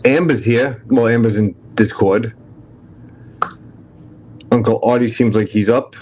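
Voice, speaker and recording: A man's voice: mid-range voice, steady tone, unhurried, pauses often, a little mellow, a little hiss or hum, low-quality recording. A man with a strong New York accent, hosting a casual livestream chat, brash and profane as he jokes with his viewers. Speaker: livestream host.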